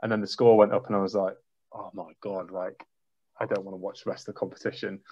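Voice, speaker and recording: A man's voice: lowish voice, level tone, fast, darkish tone, breathy edge. A man, a trampoline coach, telling an emotional story on a video call and acting out his own reactions. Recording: dull lo-fi video call audio.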